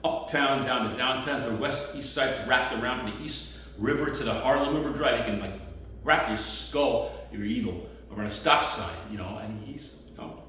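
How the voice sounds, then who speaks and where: A man doing rambling, digressive street stand-up comedy outdoors, with sudden loud bursts. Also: medium pitch, normal speed, heavy reverb, far from the mic.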